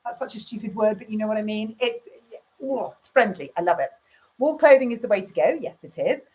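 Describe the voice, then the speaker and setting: A woman's voice: medium pitch, animated, a little fast, mellow. A middle-aged woman, chatting frankly with viewers and reading out their comments while she cooks dinner. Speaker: livestream host. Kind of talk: casual chat, answering viewer comments. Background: cooking dinner while talking.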